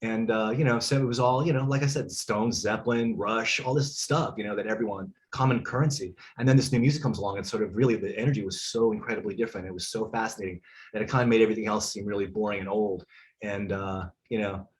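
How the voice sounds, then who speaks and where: A man's voice: lowish voice, fairly even intonation, fast talker. A man in his fifties, a drummer guest on a video call, looking back on his youth with many fillers. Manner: reminiscing, many fillers and restarts. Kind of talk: casual video call chat.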